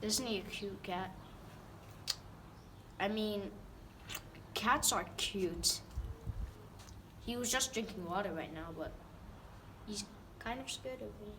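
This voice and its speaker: A woman's voice: mid-range voice, slow pace, pauses often. A woman chatting casually while filming her cat at home, doting and rambling with fillers and restarts. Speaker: pet vlogger. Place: at home near a backyard. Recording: roomy, distant mic, noisy background.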